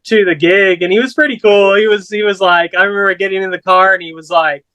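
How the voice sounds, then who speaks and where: A man's voice: sits high, fairly even intonation, quick pace, sharp tone, no echo, low-quality recording. A man from Corpus Christi, Texas, telling a story as a guest musician in a laid-back, rambling way with casual swearing.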